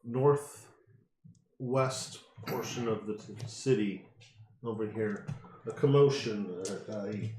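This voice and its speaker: A man narrating a tabletop game as game master, unhurried and full of fillers. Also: on the low side, dark tone, echoey room, slight background noise, low-quality recording.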